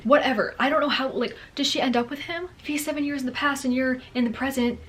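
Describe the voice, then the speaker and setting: Talking fast in a high voice, this young adult woman chats to camera about books, full of fillers like "like" and "girlie." She comes across bubbly and chatty, with a slight hiss or hum behind her.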